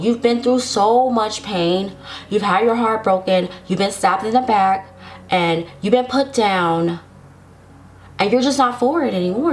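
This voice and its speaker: A woman giving a casual tarot love reading to her viewers, sassy and chatty, laughing often and talking straight to them. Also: mid-range voice. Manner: speaks directly to viewers, reassuring. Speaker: tarot reader.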